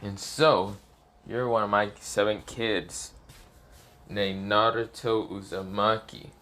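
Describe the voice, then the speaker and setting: A man voicing a deep-voiced demon king speaking to his son, halting and rambling with many restarts. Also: steady tone, sharp tone. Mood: grand.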